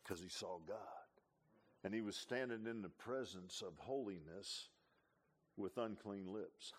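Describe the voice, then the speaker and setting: A man preaching a sermon in a folksy, conversational way, his voice climbing to shouts and then dropping to a hush. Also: lowish voice, a little slow. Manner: folksy, swings from hollering to hushed. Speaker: pastor. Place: church.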